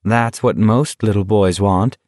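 A man's voice: lowish voice, measured pace, darkish tone, no room sound, studio quality, close to an everyday voice. A man voicing a young male walker who taunts and needles his rival in a sly, mocking way. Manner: sly, mocking, soothingly condescending.

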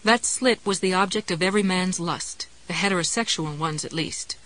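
Give me a woman with a fairly low voice narrating a novel in a measured, wry way. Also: fairly bright tone, rough recording. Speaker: audiobook narrator. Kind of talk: scripted narration.

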